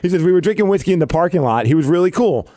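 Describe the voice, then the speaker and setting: Casting: male podcast co-host, animated storyteller, pitch swings a lot, dry studio sound. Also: very fast, dry recording. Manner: animated storyteller, acts out quotes. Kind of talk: casual chat.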